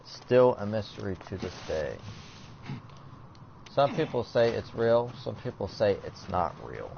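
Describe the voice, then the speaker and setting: A teenage boy talks through a video game in loose, rambling commentary full of "like" and "and all that." His voice sits a bit low. The mic sounds dull and lo-fi with a faint hiss. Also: sing-song, measured pace, vocal fry. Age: teens. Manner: rambling, filler-heavy, reads game text aloud. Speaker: gameplay commentator. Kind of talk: casual let's-play commentary.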